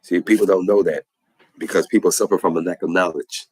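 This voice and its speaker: A man's voice: sits low, fairly even intonation, fairly quick, a little mellow, slightly rough, no room sound, rough recording. A man giving an impassioned religious testimony in a preacherly way, repeating phrases for emphasis.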